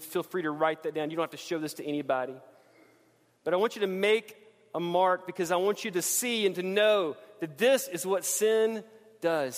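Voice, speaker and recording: A high-voiced man preaches to his congregation, rising into urgent, impassioned pleas and then dropping to hushed, searching questions. His voice rings out with the long reverb of a large church hall. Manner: impassioned, builds to pleading then drops to hushed. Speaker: pastor. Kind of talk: sermon. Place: church sanctuary.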